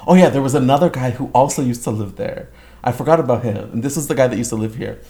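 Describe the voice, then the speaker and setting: A man's voice: mid-range voice, quick pace, mellow, reverberant. A young man from Canada telling a long story in casual chat, rambling with many filler words. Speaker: guest storyteller.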